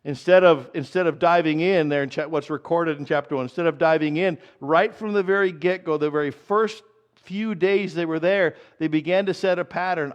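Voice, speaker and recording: A male pastor preaches in a conversational sermon style, with a slightly high voice. He slows down to repeat his key points. The sound is a bit dull, like a church recording.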